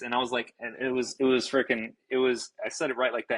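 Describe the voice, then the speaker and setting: A young man, a baseball pitcher and podcast guest, telling a story in an animated, casual way, swearing freely and restarting his sentences. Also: fast talker, few pauses, husky, low-quality recording. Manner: animated, self-described fiery, swears freely, many restarts.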